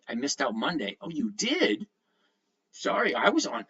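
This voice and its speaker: A man's voice: medium pitch, huge pitch swings, normal speed, sharp tone, highs cut off. A man hosting a casual livestream from home, greeting viewers by name and reading their comments aloud. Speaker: livestream host.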